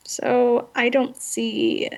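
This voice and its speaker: A woman's voice: fairly high pitch, level tone, drawn-out words, vocal fry, darkish tone. A woman co-hosting a podcast, chatting casually and ranting bluntly with frequent laughs. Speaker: podcast co-host.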